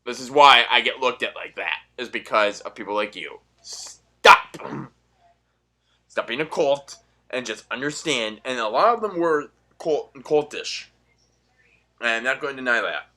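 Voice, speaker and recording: A young man ranting in a profane, sarcastic monologue, swinging between loud outbursts and muttered asides. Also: medium pitch, animated, normal speed. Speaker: political commentary vlogger.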